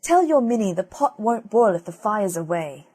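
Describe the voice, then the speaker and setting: Grumpy old henwife, read by a woman, short and scolding, soft husky tone. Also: medium pitch, animated, brisk. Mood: curt. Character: cross old henwife of the glen.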